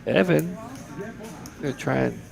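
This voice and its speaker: Gravelly-voiced man calling poker. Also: mid-range voice, measured pace, a crowd in the background. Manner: chatty, easygoing, repeats words. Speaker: poker commentator. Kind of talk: live poker commentary. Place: commentary booth at a card room.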